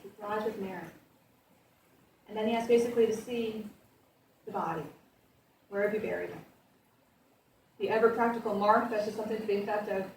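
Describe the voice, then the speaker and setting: A woman pastor giving a conversational sermon, reading scripture with lively emphasis. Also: medium pitch, a little hiss or hum. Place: church sanctuary. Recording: echoey church heard from a distance.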